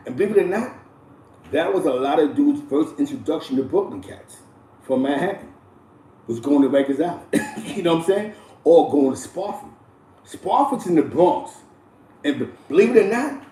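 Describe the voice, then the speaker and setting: A man hosting casual street storytelling, talking loosely with slang, repeats and frequent shout-outs. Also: fairly high pitch, recorded from a distance. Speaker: host. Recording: echoey room, voice a bit off-mic.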